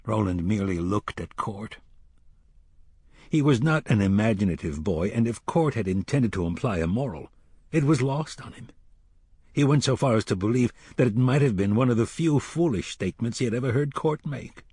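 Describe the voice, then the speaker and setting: A man reading a dark fantasy audiobook in a measured, dramatic storytelling manner. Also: fairly low pitch, expressive, breathy edge, no room sound, clean studio sound. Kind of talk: audiobook narration.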